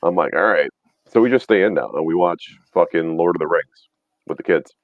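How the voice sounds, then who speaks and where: A man's voice: low voice, a little fast, no echo, narrow, tinny audio. A man in his thirties telling rambling, profane stories in casual chat, laughing often. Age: 30s. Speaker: podcast host.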